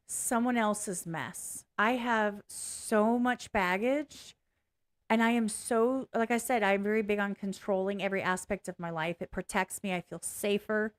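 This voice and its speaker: A woman vlogging casually in a blunt, candid way, swearing freely, rambling and restarting as she talks. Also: fairly high pitch. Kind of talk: casual reaction vlog.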